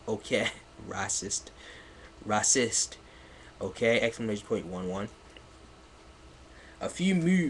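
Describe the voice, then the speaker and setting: A man's voice: medium pitch, a bit bright, slight background noise. A man giving a mocking live read-aloud of a piece of fan fiction, laughing, swearing and stumbling over its misspellings. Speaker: livestreamer.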